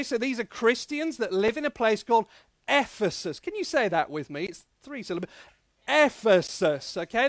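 A pastor in full flow, preaching an energetic all-age sermon and calling on the congregation to join in. His voice sits high for a man, and it sounds dry and close to the mic. He draws out the key phrases for emphasis. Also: no echo. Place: church service.

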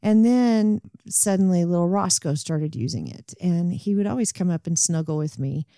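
Rambling woman, mellow and dry. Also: on the low side, lively intonation, moderate pace, no echo. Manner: rambling, warm-hearted, self-interrupting. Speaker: podcast host. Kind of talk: casual personal storytelling. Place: home bedroom.

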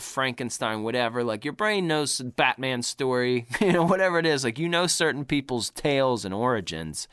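A man's voice: medium pitch, a bit bright, smooth, dry recording, clean studio sound. A man co-hosting a casual movie podcast, talking with lots of swearing and laughing as he retells scenes. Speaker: podcast co-host.

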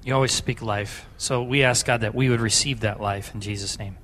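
A man's voice: lowish voice, steady tone, fairly quick, a bit bright, a little hiss or hum. A man leading a congregation in an earnest spoken prayer, repeating simple phrases. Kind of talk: public prayer. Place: church sanctuary.

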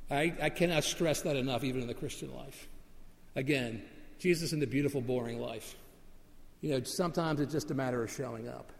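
A middle-aged man preaching a sermon in a conversational storytelling manner, slowing down to repeat key phrases for emphasis. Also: mid-range voice, creaky, big-room sound. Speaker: pastor.

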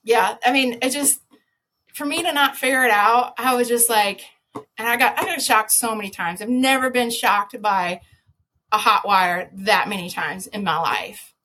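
A woman with a fairly high voice tells a story as a podcast guest. She is animated, laughs often and breaks into loud shouted quotes. A faint hiss of background noise sits under the voice. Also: moderate pace. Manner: lively, laughing, jumps to loud shouts when quoting herself.

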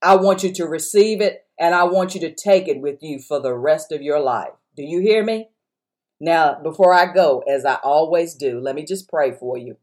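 A woman's voice: deep voice, normal speed, darkish tone. Emphatic woman pastor preaching. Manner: emphatic preaching with repeated phrases; speaks directly to listeners and encourages them. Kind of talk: sermon.

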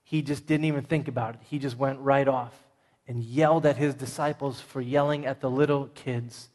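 A man preaching a sermon as pastor, emphatic, swinging from loud points to hushed ones. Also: medium pitch, fairly even intonation, moderate pace. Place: large church sanctuary. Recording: long reverb of a large church hall.

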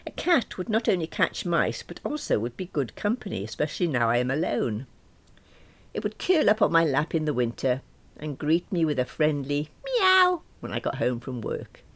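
Brief: low, very animated woman narrator, wry and self-mocking, first-person audiobook.

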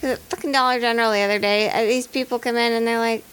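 Bright, blunt Southern woman. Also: fairly high pitch, fast, smooth, low-quality recording. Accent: American Southern. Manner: blunt, profane, animated storytelling. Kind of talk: casual chat.

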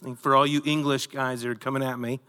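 A man preaching a sermon, telling the story with animated delivery and acting out voices. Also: mid-range voice, fast, smooth, in a large hall. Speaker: pastor.

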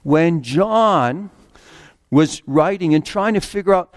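A man preaching a sermon in an earnest way, slowing down to read scripture aloud and stumbling over the odd restart. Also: fairly high pitch, animated, dry recording, studio quality.

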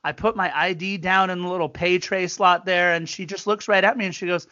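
Chatty high-voiced man hosting a podcast. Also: fairly quick, no room sound, dull audio. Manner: chatty storyteller, animated quoted voices. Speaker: podcast co-host. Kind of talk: casual sports podcast chat.

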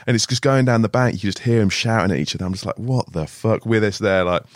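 Racing along in a lowish voice, a man in his twenties guests on a podcast, recounting stories in an easygoing chat full of swearing and laughter. He's in a podcast studio, and the recording is dry with studio quality.

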